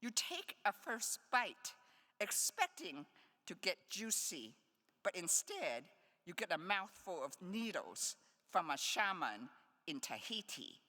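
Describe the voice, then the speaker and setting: A woman's voice: lowish voice, sing-song, slow pace, bright, forceful tone. A woman poet giving a live reading in a conference hall, with playful, wry asides between poems. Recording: long hall reverb.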